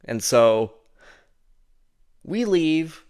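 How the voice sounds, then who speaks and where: A man hosting his own show, telling a rambling personal story full of "like" and "and then," putting on a higher voice to mock what others said. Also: big pitch swings, very slow, a little mellow, clear, resonant tone. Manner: mocks the friend's lines in a higher voice. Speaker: show host. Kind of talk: casual storytelling.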